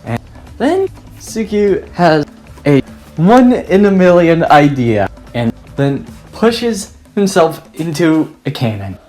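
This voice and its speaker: Brief: woman storyteller, low lively voice, rambling halting narration. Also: faint music behind. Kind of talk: retelling a fan story aloud.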